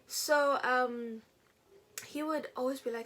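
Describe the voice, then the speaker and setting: Young woman, makeup vlogger, storytelling, mid pitch, animated when she quotes people, faint background noise. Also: moderate pace. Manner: animated, acts out quotes in a raised voice. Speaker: beauty vlogger. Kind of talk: chatty get-ready-with-me storytelling.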